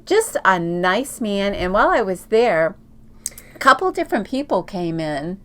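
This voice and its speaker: A woman's voice: mid-range voice, big pitch swings, unhurried, pushed and bright. A middle-aged woman co-hosting a casual quilting chat, telling long travel stories with lots of fillers and restarts. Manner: chatty storyteller, many fillers and restarts. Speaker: quilting podcast co-host.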